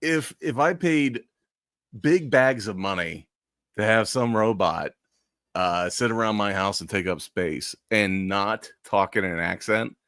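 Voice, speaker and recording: A man's voice: fairly low pitch, animated, unhurried, a bit bright, clean tone, no room sound. A man co-hosting a live stream in casual chat, with dry sarcastic remarks.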